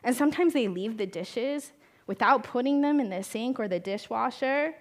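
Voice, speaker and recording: A woman's voice: a little high, normal speed. A young woman, a therapist, giving a conversational talk to parents. She asks the audience questions and acts out the voices she quotes. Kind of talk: talk at a conference.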